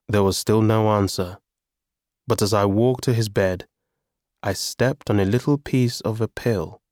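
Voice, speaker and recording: A man reading a chapter of a novel aloud in first-person narration, at a measured pace. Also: fairly low pitch, a little mellow, no echo, clean studio sound. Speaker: audiobook narrator.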